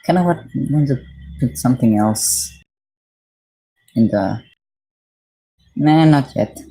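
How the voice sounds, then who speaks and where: A man's voice: medium pitch, animated, slow pace, warm tone, slightly rough, rough recording. A man from Mexico streaming live, reading dictionary definitions aloud and breaking off to chat casually with his viewers.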